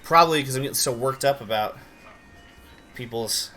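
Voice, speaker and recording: Sleepy young guy from idaho on stream, bright voice, keeps yelling at the game between stories. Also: medium pitch, faint music behind. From Idaho, USA. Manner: animated, rambling, quick outbursts at the game. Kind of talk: casual live-stream chat while gaming.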